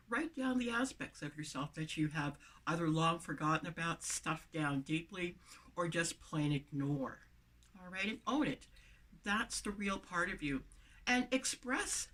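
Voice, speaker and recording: A woman's voice: low-pitched, a bit bright. A woman with a lisp, speaking to camera as a motivational vlogger, with emphatic, repeated phrases, recorded inside a van on the camera mic.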